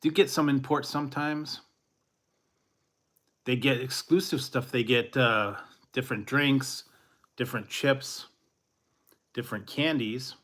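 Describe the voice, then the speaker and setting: Bright-voiced chatty streamer guy. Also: mid-range voice, measured pace, pauses often. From Central California. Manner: rambling, chuckling, plays up a mock Canadian eh. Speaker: food review streamer. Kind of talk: casual live-stream chat.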